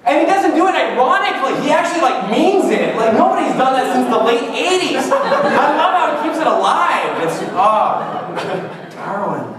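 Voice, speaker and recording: High, lively, joking young man in an echoey room. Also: moderate pace, over a noisy crowd. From Canada. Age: 20s. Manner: joking, self-mocking, wry. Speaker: vlogger. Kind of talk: casual comic monologue. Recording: echoey room, far from the mic.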